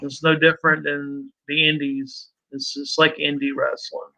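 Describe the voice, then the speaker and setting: A man's voice: on the high side, level tone, measured pace, gravelly, pushed and bright. A man co-hosting a casual podcast, plain-spoken and dismissive. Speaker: podcast co-host. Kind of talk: casual chat. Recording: dull lo-fi audio.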